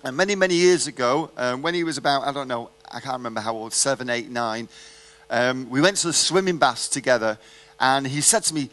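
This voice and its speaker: A man's voice: medium pitch, fairly quick, a bit bright. A man preaching a sermon, telling a personal story and asking the audience rhetorical questions in a conversational way.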